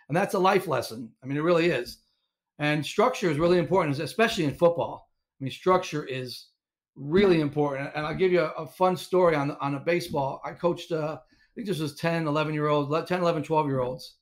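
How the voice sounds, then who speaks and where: A middle-aged man telling coaching stories as a podcast guest, animated and rambling with lots of restarts. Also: a little high, a little fast. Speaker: guest, inventor and former coach. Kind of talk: casual storytelling interview.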